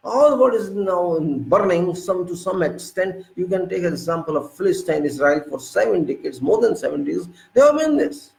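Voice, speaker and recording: A man's voice: high voice, sing-song, normal speed, creaky, hardly any pauses, darkish tone, echoey room, low-quality recording. A man from India giving an emphatic, unscripted political monologue, firing off rhetorical questions. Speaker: political commentator.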